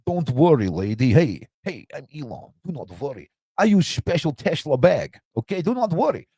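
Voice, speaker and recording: A man's voice: fairly high pitch, big pitch swings, normal speed, mellow, breathy edge, no room sound, clean studio sound, full character voice. A man doing a smug billionaire with a foreign accent. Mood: coaxing. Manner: broken English, coaxing.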